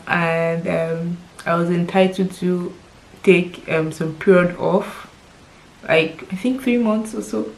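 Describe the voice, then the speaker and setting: A Nigerian woman in her thirties speaks to her vlog audience about something deeply personal. Her voice is tearful at times and heartfelt, and she repeats words for emphasis as she tells her story. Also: slow pace, rough recording. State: crying at times. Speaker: lifestyle vlogger.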